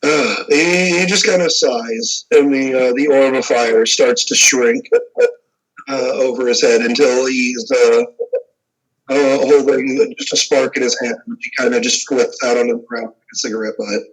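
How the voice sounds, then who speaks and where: A man narrating a tabletop game as game master, halting with many fillers. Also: medium pitch, fairly even intonation, low-quality recording.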